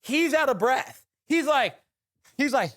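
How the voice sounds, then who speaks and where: A man on a podcast telling a story with excitement, stopping and restarting sentences and often asking "right?". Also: extremely high pitch, a little slow. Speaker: podcast co-host. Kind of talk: animated storytelling.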